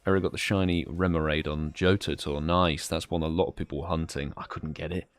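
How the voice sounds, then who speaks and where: A young British man from the UK hosts a live stream, chatting casually and greeting viewers by name. His voice is very deep and steady, moving a little fast, and the recording is dry.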